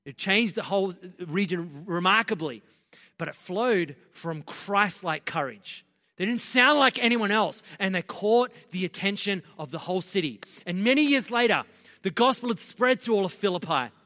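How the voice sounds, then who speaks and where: A man preaching a sermon as pastor, passionate and building to loud, emphatic delivery. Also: sits high, expressive, moderate pace. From Australia. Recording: long reverb of a large hall.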